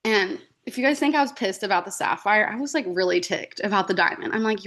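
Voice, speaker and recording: A woman's voice: mid-range voice, expressive, fast talker, hardly any pauses, fairly bright tone. A woman sharing a personal story as a guest speaker on a team video call, chatty, with frequent fillers and acted-out quotes of her own past words.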